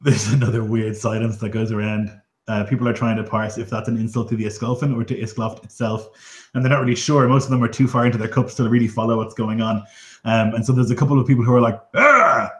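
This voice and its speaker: A man's voice: mid-range voice, level tone, fast talker, darkish tone. A man narrating as game master of a tabletop game, in a casual, filler-heavy way. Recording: echoey room.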